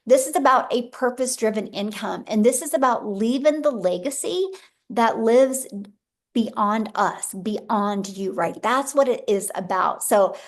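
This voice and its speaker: A woman's voice: a little high, measured pace. Enthusiastic woman hosting a webinar. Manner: enthusiastic, cheering. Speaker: webinar host. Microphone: video call.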